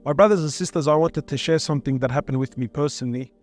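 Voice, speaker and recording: A man's voice: fairly high pitch, quick pace, a little mellow, soft background music. A man giving an earnest, emotional sermon-style talk, repeating phrases for emphasis. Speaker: Muslim speaker.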